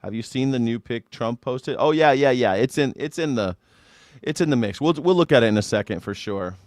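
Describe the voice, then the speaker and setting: A man's voice: medium pitch, animated, fairly quick, dry recording. A man hosting a live news reaction show, ranting in an irreverent, mocking way. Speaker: host.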